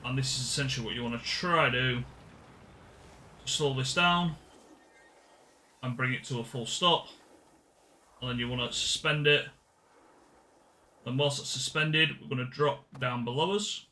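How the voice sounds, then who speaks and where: A man's voice: medium pitch, unhurried, pauses often, sharp tone. A man giving casual game walkthrough commentary, chatty and often correcting himself mid-sentence. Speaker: gaming channel host.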